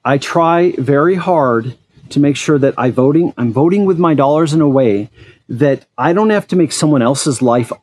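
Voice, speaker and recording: A man's voice: on the high side, normal speed, a little mellow. A man hosting an eFoil channel, talking frankly in a casual monologue and telling personal stories.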